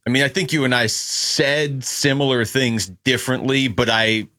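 A man's voice: medium pitch, steady tone, moderate pace, bright, forceful tone. A man co-hosting a casual sports talk show, dry and teasing. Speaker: co-host.

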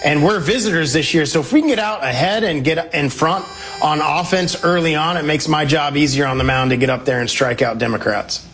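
A man's voice: a little high, fairly quick, a bit bright, slight background noise. A man, a congressman and guest, making emphatic, confident points in a political interview.

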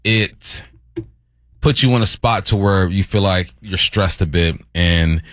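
A man co-hosts sports radio in a low voice, bantering playfully and teasing. The sound is dry and close. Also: a little slow, fairly bright tone, dry recording. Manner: playful, teasing, laughs often. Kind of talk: casual sports talk banter.

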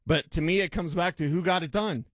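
A man's voice: a little high, a little fast, no echo. A man co-hosting a sports talk show, giving emphatic, opinionated takes in casual debate. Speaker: sports analyst co-host.

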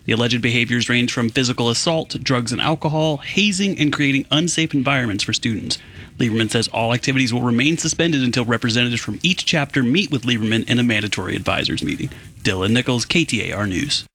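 Fast-talking male radio news reporter. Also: medium pitch, bright, forceful tone, a little hiss or hum. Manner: brisk, formal reporter delivery.

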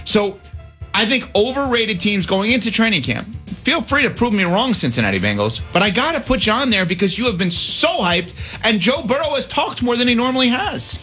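A man's voice: high voice, bright, forceful tone, breathy edge. A male sports radio host arguing his points emphatically, with sarcastic asides.

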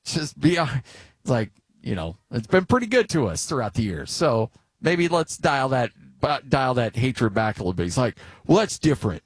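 A middle-aged man hosting a sports talk show, talking casually and spinning a rambling story with plenty of filler words. His voice sits in an ordinary middle pitch. It is recorded close and dry, with no room sound. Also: big pitch swings, normal speed, husky, dry recording. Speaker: sports radio host.

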